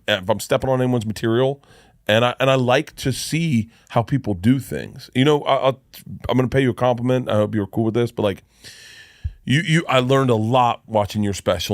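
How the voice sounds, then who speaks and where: A man's voice: lowish voice, no echo, studio quality. A middle-aged man telling a long, rambling, self-deprecating story on a podcast as a comedian guest.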